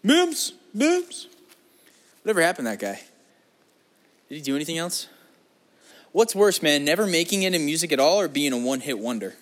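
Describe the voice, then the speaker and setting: A man's voice: a little high, expressive, fairly quick, pauses often. A young man hosting a vlog, talking in a rambling, casual monologue with lots of swearing and jokes that wander off topic. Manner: crude, profane and jokey, wandering off topic. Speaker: vlog host.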